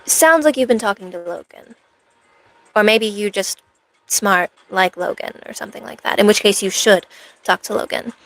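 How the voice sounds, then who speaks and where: Brief: woman streamer, in-character cosplay chat, sarcastic rambling banter, vocal fry. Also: medium pitch, moderate pace, fairly bright tone.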